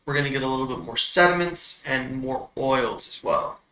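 A man's voice: mid-range voice, moderate pace, bright, forceful tone, reverberant, rough recording. A man hosting a casual coffee tasting demo, explaining brewing methods step by step with frequent fillers.

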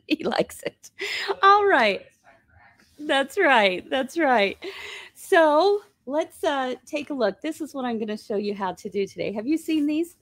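A woman hosting a live sewing tutorial, bubbly and chatty and laughing often, her voice slightly hoarse. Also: high voice, big pitch swings, slow, a bit bright, dry recording, studio quality. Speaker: quilt shop host.

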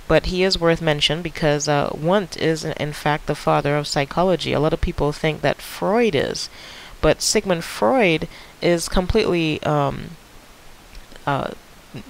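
A man's voice: fairly high pitch, creaky, rough recording. A male teacher recording a video lecture, talking casually with frequent fillers and restarts. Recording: faint hiss.

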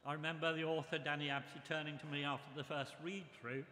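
Older guy, bright sharp voice, slow measured memorial speech, big echoey hall. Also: on the high side, little pitch movement, a little hiss or hum. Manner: measured, reminiscing delivery. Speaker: memorial speaker. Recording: echoey hall with long reverb.

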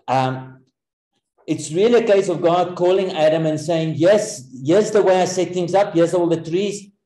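A man preaching a sermon in an earnest, explanatory way, pausing often. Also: a little high, dark tone, echoey room, low-quality recording.

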